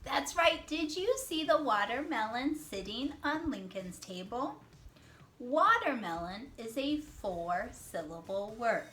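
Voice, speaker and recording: A woman teacher giving a reading lesson to young children. She talks slowly, draws out words to count syllables, praises answers, and sometimes whispers. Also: fairly high pitch, sing-song, bright, forceful tone, faint music behind. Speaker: classroom teacher.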